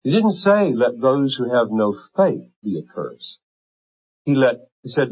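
Fervent preacher man, husky, lo-fi. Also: medium pitch, very animated, a little slow. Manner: impassioned, rising to fervent intensity and dropping to hushed tones. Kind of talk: sermon.

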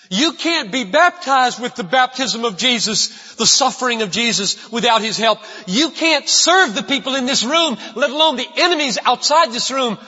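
A man's voice: very high voice, sharp tone, breathy edge. A man preaching a sermon as pastor, emphatic and repeating his key phrases, recorded in a church. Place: church sanctuary. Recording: dull lo-fi sound with long hall reverb.

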